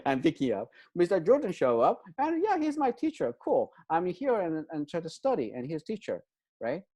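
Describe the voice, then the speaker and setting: A man speaks as an interview guest, walking a listener through an idea step by step. His voice sits a little high yet sounds soft and mellow. His English is non-native and halting, peppered with "um" and a questioning "right?". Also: wildly swooping pitch. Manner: hesitant, many fillers, checks in with "right?". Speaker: guest expert on trauma. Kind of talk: explanatory interview talk.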